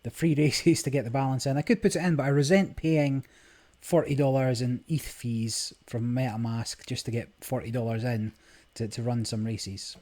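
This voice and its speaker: Guy chatting through a game, lots of ums, mid pitch. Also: moderate pace, hardly any pauses, a little mellow. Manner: chatty, rambling, with many fillers and restarts. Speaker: gaming vlogger. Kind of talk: casual screen-recorded commentary. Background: game music.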